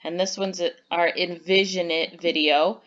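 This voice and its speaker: A woman's voice: lowish voice, fairly even intonation, measured pace, a bit bright, lo-fi sound. Patient woman teaching young kids. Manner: patient and encouraging, acting out example sentences with exaggerated emphasis. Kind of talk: online lesson for young children.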